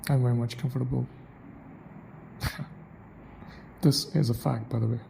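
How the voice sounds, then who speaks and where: Gravelly, flat-voiced man musing aloud. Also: mid-range voice, normal speed, slight background noise, low-quality recording. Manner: muses aloud, repeats phrases to try them out. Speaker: accent practice vlogger. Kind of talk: thinking-aloud monologue.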